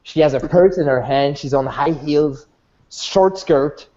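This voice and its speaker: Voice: mid-range voice, measured pace, mellow. A game master narrating a tabletop game, rambling and restarting often. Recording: dull lo-fi recording.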